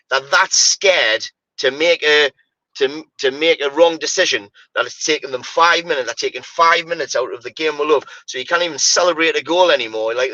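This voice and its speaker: A man's voice: fairly high pitch, bright, forceful tone, no echo, dull audio. A man, ranting animatedly about football on a casual podcast, full of "mate" and "you know, like". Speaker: podcast co-host.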